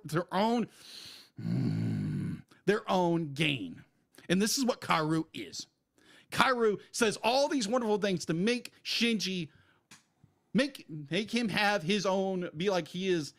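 A man's voice: high voice, gravelly, a bit bright. A man co-hosting a podcast, ranting emphatically and with exasperation about an anime character. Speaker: podcast co-host. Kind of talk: casual podcast review.

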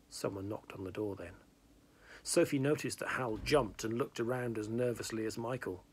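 A man's voice: on the low side, normal speed, husky. A man reading a novel aloud in plain narration, with small slips and restarts. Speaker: reader.

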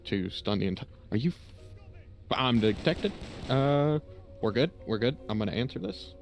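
A man streaming a co-op heist game, giving quick tactical instructions and joking at himself. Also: mid-range voice, lively intonation, darkish tone, soft background music. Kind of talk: casual gaming chat.

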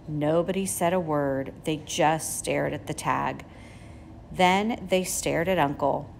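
A woman teacher reading a children's chapter book aloud in a gentle, measured way. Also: lowish voice, slight background noise. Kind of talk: storybook read-aloud.

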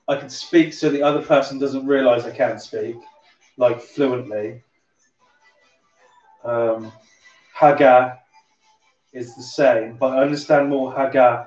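Chatty man with a light Somerset twang. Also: mid-range voice. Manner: chatty, rambling, swears casually. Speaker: livestream host. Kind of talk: casual drink-along chat. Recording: roomy, distant, dull sound with music behind.

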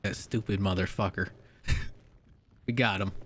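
A man's voice: sits low, fairly even intonation, unhurried, fairly bright tone, slight background noise. A man voicing a police officer in a game roleplay, swearing constantly, laughing and taunting his prisoner.

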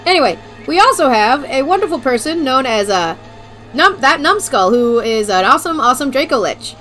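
A woman streamer giving casual, excitable gameplay commentary, giggling, swearing and reading game text aloud. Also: sits high, a little fast, faint music behind, rough recording. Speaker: let's play streamer.

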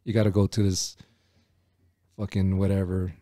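A man co-hosting a casual podcast, guessing answers out loud in a blunt way and swearing freely. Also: deep voice, little pitch movement, moderate pace, no room sound, studio quality. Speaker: podcast co-host.

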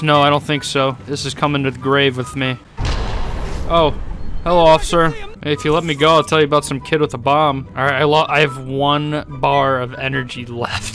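A young man narrating his own gameplay in a loose, sarcastic way, cracking jokes and cursing freely. His voice sits at an ordinary pitch with a bright, forceful edge. Game music plays faintly behind him. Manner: sarcastic, joking, swears freely. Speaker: gaming YouTuber. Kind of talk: casual let's-play commentary.

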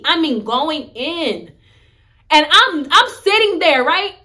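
A woman's voice: high voice, very animated, slow, pushed and bright. A young woman vlogger telling a personal story in a candid, emphatic, conversational way. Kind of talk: story-time vlog.

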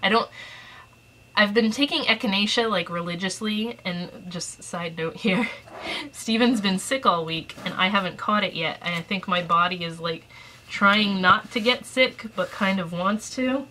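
A woman vlogs from home, chatting casually through an unboxing with her camera resting on a shelf. Her mid-range voice is unhurried, bright and forceful, a little breathless and mildly stuffed up, and she rambles with fillers. The recording is rough, with slight background noise.

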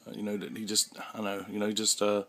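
A young man talking haltingly to his camera in a casual vlog, with many restarts and fillers. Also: fairly low pitch, level tone, bright, forceful tone, slight background noise. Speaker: vlogger. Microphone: handheld camera mic.

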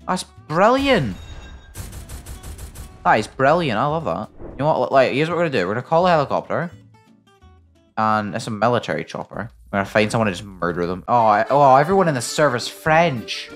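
A British man commenting on his own gameplay as a video creator, jokey and excitable, breaking into sudden loud yelps. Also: mid-range voice, fairly quick, soft background music. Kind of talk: playing a game and commenting.

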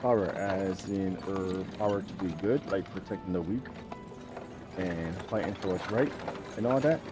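A man casually talking through a game he is playing, relaxed and self-mocking. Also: low-pitched, normal speed. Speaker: gaming channel host. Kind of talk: casual let's play commentary. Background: game music.

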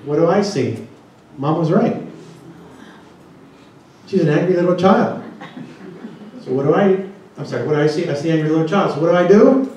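His voice is on the high side and darkish, moving at a moderate pace with long pauses, and there's slight background noise. The man is a conference speaker presenting a seminar, often questioning the audience. It's an echoey, distant-mic recording in a large conference room.

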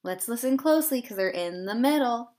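A woman teaching a kindergarten phonics lesson, sounding out short words deliberately and drawing them out for young children. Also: on the high side, expressive, a little mellow.

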